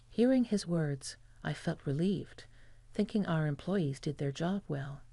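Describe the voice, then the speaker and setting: Gravelly woman narrating a story. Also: sits low, expressive, unhurried, warm tone, dry recording. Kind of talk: scripted narration of a revenge story.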